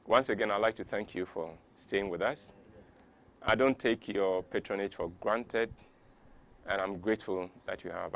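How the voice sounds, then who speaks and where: A man from Ghana with a Ghanaian English accent hosting a talk show, delivering an impassioned monologue full of rhetorical questions. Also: fairly low pitch. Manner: preachy, fires off rhetorical questions; gets worked up.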